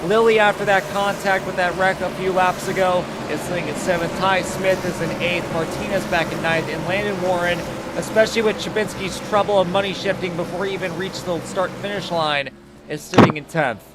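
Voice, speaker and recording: A man doing casual race commentary, swearing freely and getting loud for the action. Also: sits high, a little fast. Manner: loose, swearing, rising to excited calls. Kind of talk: casual sim-racing commentary. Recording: noisy background.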